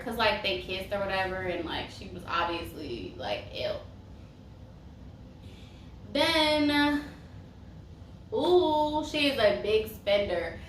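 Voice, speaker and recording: A young woman dishes reality-show gossip in a chatty, sassy way, wandering off on tangents. Her voice sits a little high. It bounces around an echoey room with a faint hiss underneath. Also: very animated, slow pace, long pauses, a bit bright. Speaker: reality TV reviewer. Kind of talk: casual chat. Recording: roomy echo, mic far off, faint hiss.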